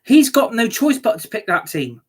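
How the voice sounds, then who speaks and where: A woman's voice: on the high side, sing-song, moderate pace, darkish tone, breathy edge. A woman ranting angrily as a football fan reacting to a match, sweary and scornful.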